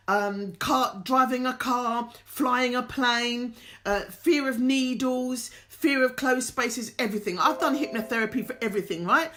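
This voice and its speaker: A woman hosting a live-streamed show, telling stories full of quoted dialogue in an excitable, animated way. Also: high-pitched. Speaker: show host. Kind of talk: casual storytelling to a live-stream audience.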